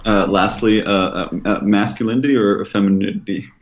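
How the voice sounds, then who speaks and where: A man's voice: lowish voice, brisk. A man co-hosting a podcast in casual chat, hesitant and stammering, with many "uh"s. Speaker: podcast co-host. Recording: dull lo-fi mic.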